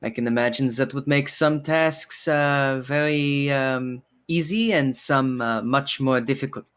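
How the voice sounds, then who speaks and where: A man voicing a humble, wise male bartender who talks slowly and hums between thoughts. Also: medium pitch, clean tone, lightly acted. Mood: courteous. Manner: slow, pausing with soft hums.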